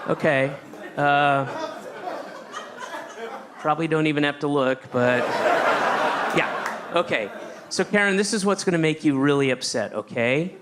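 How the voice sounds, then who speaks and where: The recording is very noisy as a man with a voice on the high side works a New York comedy stage. He banters with the crowd, sardonic and conversational, poking fun at the audience.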